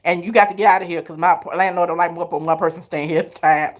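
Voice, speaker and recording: A middle-aged woman, hosting a live stream and telling her viewers stories in an animated, chatty way, laughing often. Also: lowish voice, fast. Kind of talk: casual storytelling to viewers.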